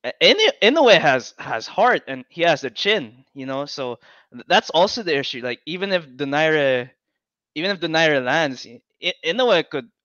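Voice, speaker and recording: A man from the Philippines, a guest chatting casually about boxing in a relaxed, halting way with plenty of fillers and restarts, heard over a video call. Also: fairly high pitch, no echo, dull audio. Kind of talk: casual chat.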